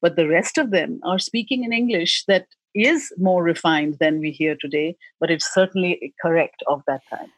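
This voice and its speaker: A woman's voice: fairly low pitch, normal speed, few pauses, dry recording, low-quality recording. A woman, answering interview questions as a film director in a passionate, emphatic way with frequent restarts. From India.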